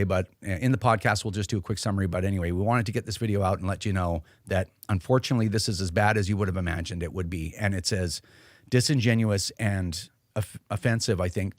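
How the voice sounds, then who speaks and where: A man's voice: deep voice, no echo. Man, host, heated, sarcastic, dry close sound. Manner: heated, sarcastic, mocks officials in put-on voices. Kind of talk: casual political commentary.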